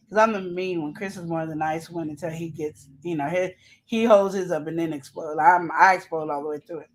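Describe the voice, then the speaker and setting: Woman cohost chatting about parenting, animated, acts out voices, laughs a lot. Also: fairly low pitch, fairly quick. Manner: laughs often. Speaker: podcast co-host. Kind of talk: casual chat reading viewer comments.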